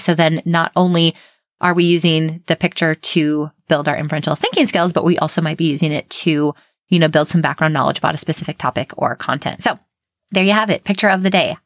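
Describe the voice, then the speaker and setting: A woman's voice: fairly low pitch, a bit bright, no echo, clean studio sound. A young adult woman hosting a teaching podcast in an upbeat, encouraging way, often dropping "like" and "you know" between her thoughts. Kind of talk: solo podcast monologue.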